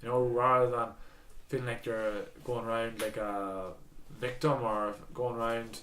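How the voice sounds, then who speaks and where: A man's voice: mid-range voice, level tone, measured pace, a bit bright, slight background noise. A man with an Irish accent, hosting a casual podcast conversation, reflective and searching for his words. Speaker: podcast host. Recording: echoey room, distant from the mic.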